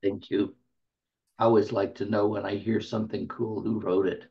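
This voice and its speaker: A man's voice: on the low side, level tone. A man in his seventies hosting an open mic, chatting in an easygoing way between poems. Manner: unhurried, gravelly, clears throat. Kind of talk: casual hosting chat. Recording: dull lo-fi audio.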